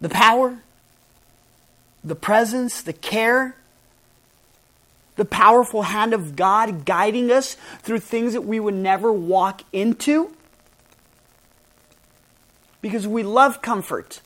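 A woman's voice: medium pitch, takes it slowly, long pauses. A woman pastor preaching a sermon in an earnest, emphatic way, stressing and spelling out key words.

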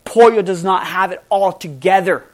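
Preaching with animation and emphasis, this middle-aged pastor lets his voice swing between loud and soft. It sits high, and he keeps a moderate pace.

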